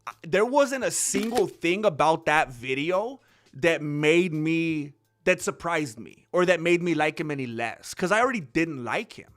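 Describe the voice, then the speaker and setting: A man's voice: on the high side, animated, unhurried, a bit bright. A young man hosting a casual commentary channel, talking off the cuff in a rambling way with lots of restarts and fillers.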